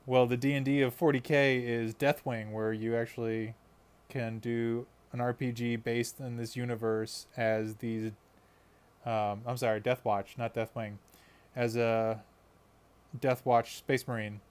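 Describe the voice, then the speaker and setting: A man's voice: medium pitch, little pitch movement, a little slow, clear, resonant tone. A man chatting casually on a live stream while he paints miniatures, rambling and laughing often.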